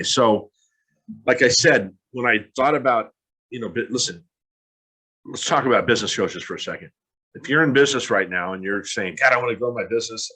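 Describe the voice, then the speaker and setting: A man's voice: on the low side, fairly bright tone, husky, rough recording. A man in his fifties giving an earnest, candid motivational talk with a self-deprecating touch. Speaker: motivational speaker.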